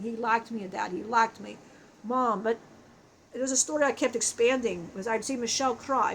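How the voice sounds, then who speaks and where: A woman tells a personal spiritual story with deep feeling, pausing and restarting as she goes. Her voice sits slightly high. A faint room ambience runs under her words. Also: a little hiss or hum, low-quality recording. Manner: halting, emotional, frequent restarts.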